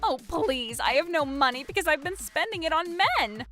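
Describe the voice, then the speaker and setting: A woman voicing a shameless, scheming young woman who whines and pleads in a high voice. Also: animated, moderate pace, pushed and bright, faint music behind. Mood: pleading. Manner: pleading, high-pitched whining. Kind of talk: animated story voice acting.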